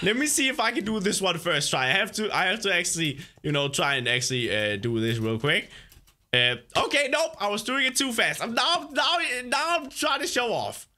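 A young man hosting a gaming video, patiently coaching a player through a course, excitable and laughing often. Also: high-pitched, fairly quick. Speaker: gaming host.

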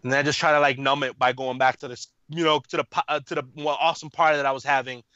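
A man in his thirties, a guest on an interview podcast, telling a story in a rambling, animated way with lots of fillers. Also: mid-range voice, racing, no echo. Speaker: podcast guest, army veteran. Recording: muffled lo-fi, dry room.

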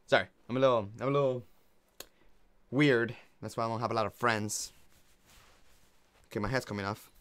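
A man's voice: medium pitch, moderate pace, pauses often, fairly bright tone, clear, resonant tone. A man streaming a video game, talking casually and rambling while often laughing at his own jokes. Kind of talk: casual gameplay commentary.

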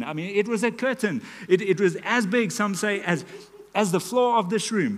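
A man, preaching a sermon in a church and telling a story dramatically, dropping to a hush and rising to loud calls. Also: high voice. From South Africa. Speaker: pastor. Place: church auditorium. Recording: live church hall reverb.

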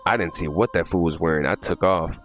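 A man streams a horror game live, rambling to his chat in a loose, profane and jittery way. His voice is very low. Faint game music plays in the background. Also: fairly quick, highs cut off. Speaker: livestreamer. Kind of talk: casual live gameplay chat.

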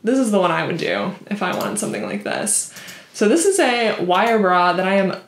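A woman vlogger talks in a chatty, snarky way, full of ums and likes. Her voice sits at an ordinary pitch and rings a bit in an echoey room at home. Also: expressive, normal speed. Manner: chatty and snarky, with many fillers. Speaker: vlogger reviewing bras. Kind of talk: casual chat.

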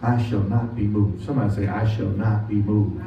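In a church sanctuary, a man with a lowish, level voice preaches as pastor, stretching out important words and calling for responses from the congregation. The sound is far-off and reverberant, lo-fi and dull, with a bit of faint noise.

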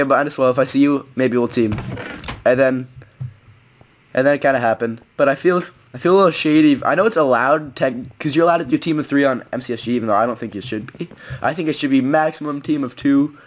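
A young man giving excitable, rambling live commentary on his own gameplay as a gaming video host. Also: medium pitch. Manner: excitable, rambling, self-narrating play-by-play. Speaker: gaming YouTuber.

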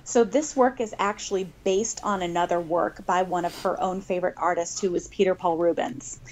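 A woman's voice: fairly low pitch, fairly even intonation, moderate pace. Woman explaining art as a podcast guest. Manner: explanatory, laughs easily. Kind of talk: casual podcast chat.

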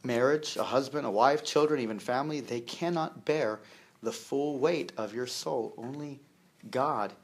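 A man delivering a sermon in a relaxed, conversational way. His voice sits at an ordinary middle pitch. He fills pauses with "you know" and "uh", repeats words as he finds them, and drops in jokes along the way. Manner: conversational, with humor and acted-out quotes; many fillers and repeated words. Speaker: preacher.

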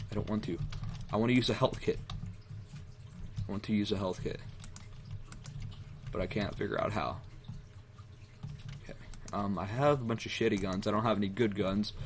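Young male gamer, low-pitched, rambling let's-play talk, keyboard clicks behind. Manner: rambling, jumpy, yelps when startled. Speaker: gameplay commentator. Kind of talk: casual let's-play commentary.

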